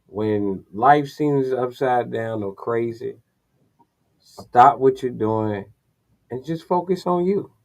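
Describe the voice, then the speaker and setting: A man talking calmly and reflectively, sharing advice as a co-host. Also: mid-range voice, slow pace. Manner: calm, reflective, advice-giving.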